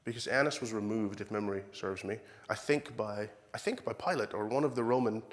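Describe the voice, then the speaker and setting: A man's voice: fairly low pitch, fairly quick. A man with an Irish accent preaching a sermon in a church, reading scripture and acting out the quoted dialogue in a conversational, self-correcting way.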